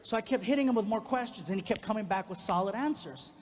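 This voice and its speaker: A man doing stand-up, telling a personal story and acting out the people in it with lively energy. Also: high voice, fast talker, long reverb tail, noisy background. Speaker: stand-up comedian. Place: comedy stage before a live audience.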